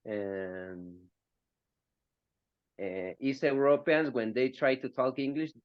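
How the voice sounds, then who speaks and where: A male student answering in a class discussion, speaking English as a with many pauses and fillers. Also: mid-range voice, no echo, lo-fi sound.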